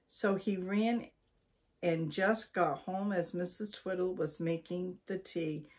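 An older woman from Maine reads a children's story aloud. She takes it slowly and deliberately, pausing between phrases. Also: lowish voice, fairly even intonation, darkish tone. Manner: slow, deliberate reading.

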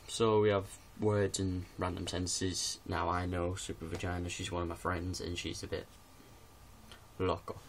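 A man's voice: sits low, level tone, a little slow, slight background noise. A man vlogging in his bedroom in casual, rambling chat to camera, giggling often. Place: bedroom with music posters on the wall.

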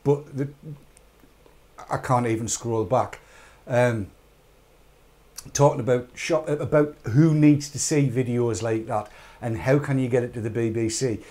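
A man's voice: mid-range voice, unhurried, long pauses, a little mellow. A British man hosting a live online chat show, rambling and urging viewers on with jokey asides. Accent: British English.

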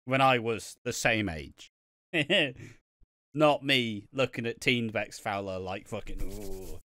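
A man's voice: mid-range voice, expressive, slow pace, pushed and bright, no room sound, clean studio sound. A man co-hosting a podcast, chatting casually and swearing a lot as he recaps a soap, often acting out the characters' lines. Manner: sweary, laughing, acts out quotes in voices. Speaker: podcast co-host.

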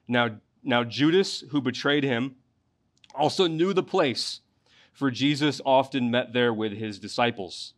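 Male pastor with a faint twang and a mid-range voice. Expository sermon delivery that climbs to passionate peaks. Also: medium pitch. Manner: expository preaching, rising in intensity at key points.

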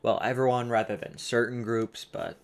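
A man's voice: mid-range voice, flat delivery, normal speed, a little hiss or hum. A man hosting a casual song reaction video, talking in a hesitant, rambling way and often correcting himself mid-sentence. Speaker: host reacting to songs.

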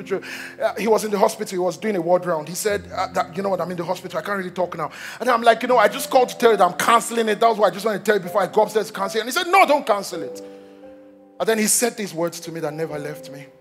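A young Nigerian man, a pastor, telling a story in a sermon, joking with the congregation as he goes. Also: sits high. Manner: animated storytelling, jokes with the congregation.

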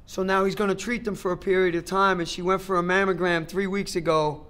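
A man's voice: sits high, little pitch movement, brisk, fairly bright tone, clean tone. A middle-aged man speaking at a recovery meeting, giving a personal testimony in an emphatic, conversational way, repeating phrases for effect and talking straight to the crowd.

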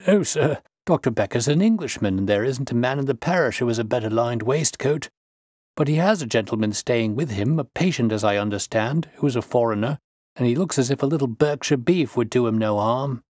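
A man reading the part of a chatty, deferential country station master who talks quickly. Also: mid-range voice, lively intonation, a little mellow, no echo, studio quality, natural voice.

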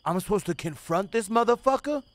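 A young man streaming a video game, giving profane running commentary that swings between low muttering and sudden yelling. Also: lively intonation, a little fast, no room sound. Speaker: gaming streamer. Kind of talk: live gameplay commentary.

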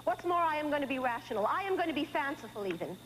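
A woman's voice: sits high, sing-song, quick pace, fairly bright tone, slight background noise, low-quality recording. A woman playing a frazzled middle-aged mother of a teenage daughter in a stage monologue, talking in frantic, stammering bursts to an unseen child. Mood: exasperated. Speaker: stage actress in a one-woman show. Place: theater stage.

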